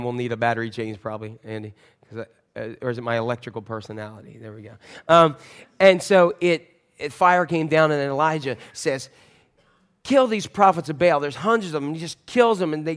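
A male pastor giving a sermon in a church, telling a Bible story in a jokey, self-mocking, animated way on a wireless mic. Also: on the high side, clear, resonant tone.

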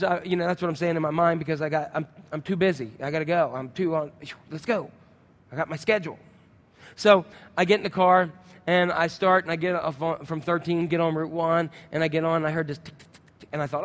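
A man's voice: a little high, steady tone, fairly quick, a bit bright. A man preaching a sermon, telling a story and acting out the sounds and his own inner thoughts, often asking the congregation questions. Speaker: pastor. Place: church sanctuary. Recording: church hall reverb.

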